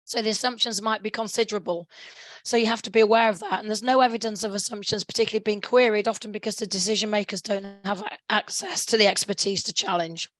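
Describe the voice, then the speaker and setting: A middle-aged woman with a hoarse, sore throat giving a webinar presentation over a video call. She often restarts her phrases and stops to clear her throat. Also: medium pitch, steady tone, quick pace, no room sound, low-quality recording. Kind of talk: conference presentation.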